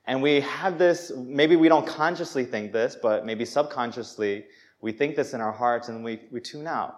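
A young man preaching a sermon in a church, conversational and animated, acting out people's reactions as he speaks. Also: medium pitch, normal speed. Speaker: pastor.

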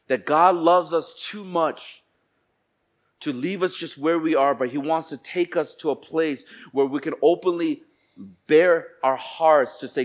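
A male pastor preaching a sermon in church. He swings between hushed, slow lines and loud outbursts, and acts out quoted voices. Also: fairly high pitch.

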